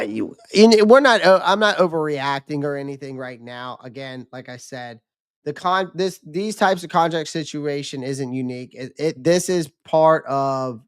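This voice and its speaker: A man's voice: on the high side, smooth. A man hosting a casual livestream, talking in a loose, rambling way with many restarts and fillers, his voice a little worn as he says he is losing it. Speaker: livestream host.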